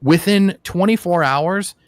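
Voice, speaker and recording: A man hosting a casual voice-chat debate, telling stories fast and saying "dude" a lot. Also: high-pitched, smooth, dry recording, studio quality. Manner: fast storyteller, acts out quotes, says "dude" a lot. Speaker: host. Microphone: headset or desk mic on a voice call.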